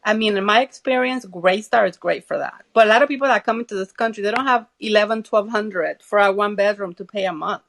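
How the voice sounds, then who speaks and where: A woman's voice: mid-range voice, fairly quick, gravelly, hardly any pauses, a bit bright. Emphatic woman who repeats herself. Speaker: apartment locator. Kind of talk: casual group audio chat.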